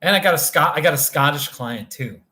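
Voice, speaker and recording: A man's voice: fairly high pitch, animated, a little fast, pushed and bright. A tired man hosting a casual livestream from a motel room, rambling as he chats with viewers by name. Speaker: livestream host reading viewer chat.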